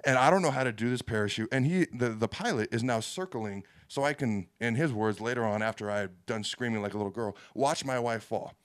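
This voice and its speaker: A man's voice: mid-range voice, brisk, hardly any pauses, no echo, studio quality. A young man, a football player, co-hosting a casual sports podcast and telling a long story with self-mocking asides. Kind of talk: casual sports talk chat.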